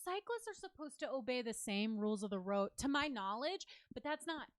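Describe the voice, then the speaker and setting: Woman host, bright higher pitch, very lively melody, dry close mic, chatty storyteller. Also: a little fast, dry recording. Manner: animated storyteller, acts out quotes. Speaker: comedy show host. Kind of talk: casual comedic chat.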